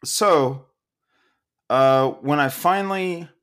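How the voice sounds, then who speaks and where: A slightly tipsy man rants at full volume on a casual podcast, his voice sitting fairly high for a man. He swears constantly and breaks into laughter between angry outbursts. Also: slow. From Oklahoma, USA. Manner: loud, profane, ranting, laughing. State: a little drunk. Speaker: podcast co-host.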